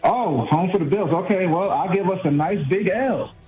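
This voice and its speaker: A man with a New York accent calls in to a sports radio show, his voice sitting a little high. He runs down his team's chances with glum, self-deprecating humor. Faint music plays under the call. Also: normal speed, low-quality recording. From Brooklyn, New York. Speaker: caller.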